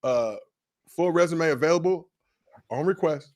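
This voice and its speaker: A man's voice: fairly high pitch, a little slow, no echo. Joking man in his forties hosting. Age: 40s. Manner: joking, hype, shout-outs to chat. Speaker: co-host. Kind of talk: casual livestream chat.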